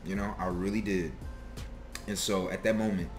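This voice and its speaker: Candid young man with a low voice. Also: steady tone, normal speed, faint music behind. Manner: candid, confessional, profane, emotional. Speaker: vlogger telling a personal story. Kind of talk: casual storytime monologue.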